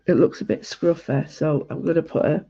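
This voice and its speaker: A woman's voice: low-pitched, normal speed, dark tone, husky. A woman chatting in a homely, rambling way as she draws live, talking viewers through her work. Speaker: artist streaming a live drawing session. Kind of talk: chatty commentary while drawing. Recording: dull lo-fi livestream audio.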